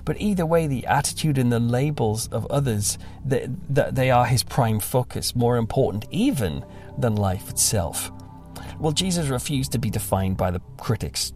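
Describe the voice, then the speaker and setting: A man's voice: mid-range voice, expressive, normal speed, darkish tone, soft background music. A young man, a pastor, talking casually and reflectively, self-deprecating and sometimes mimicking other voices.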